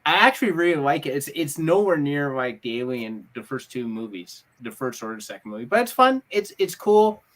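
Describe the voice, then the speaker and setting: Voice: mid-range voice, big pitch swings, fairly quick, few pauses, fairly bright tone. A guest on a casual movie podcast call, talking eagerly and with firm opinions about films. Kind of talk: casual chat.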